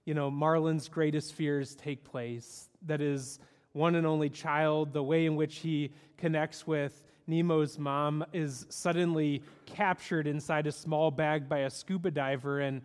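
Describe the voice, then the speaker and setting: A male pastor with a high voice delivers a chatty, animated sermon, full of little restarts and fillers. His voice carries a long echo, recorded in a large church hall. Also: unhurried, clear, resonant tone. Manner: conversational and animated, with frequent fillers. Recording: echoey hall.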